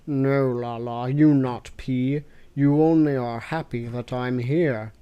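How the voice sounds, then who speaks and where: A woman voicing a calm male wizard professor who speaks slowly and deeply. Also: smooth, lo-fi sound. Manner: slow calm deep.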